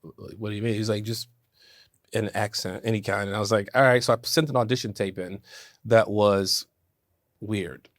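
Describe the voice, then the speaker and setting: A man, an actor, chatting in an interview and telling animated stories, laughing often. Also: lowish voice, normal speed, dry recording, studio quality. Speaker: actor guest. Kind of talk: casual interview chat.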